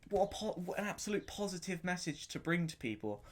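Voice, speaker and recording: His voice sits high and sing-song, and he speaks briskly while hosting his own podcast. He reviews an album in relaxed, unplanned chatter, rambling eagerly, often repeating himself and stopping to look for words.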